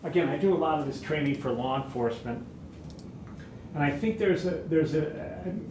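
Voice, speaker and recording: A man giving a conversational lecture on crisis work, relaxed and anecdotal with frequent asides. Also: a little high, normal speed, background noise. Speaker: crisis intervention trainer. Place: training room. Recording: echoey room.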